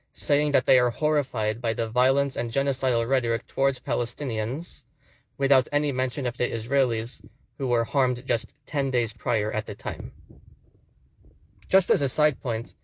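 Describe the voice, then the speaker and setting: A man's voice: mid-range voice, fairly even intonation, normal speed, no room sound, muffled recording. A young man, a student, giving a scripted commentary voice-over with sardonic, indignant asides. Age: young adult.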